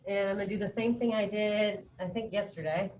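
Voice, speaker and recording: A middle-aged woman teaching a high school Spanish class, leading drills in a chatty, encouraging way. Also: steady tone, fairly quick, darkish tone, slight background noise, poor audio. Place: classroom with students present and online.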